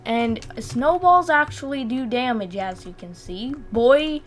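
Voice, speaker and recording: A young woman commentating her gameplay casually, excitable, shrieking and repeating words when things go wrong. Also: on the high side, measured pace, hardly any pauses, soft background music. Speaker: gaming channel host.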